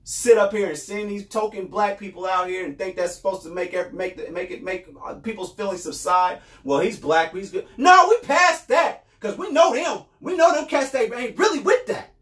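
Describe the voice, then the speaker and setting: A man's voice: sits high, animated, moderate pace, few pauses, a bit bright. A man from New York State hosting a podcast, giving an impassioned, repetitive monologue and often raising his voice. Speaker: podcast host. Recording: roomy echo.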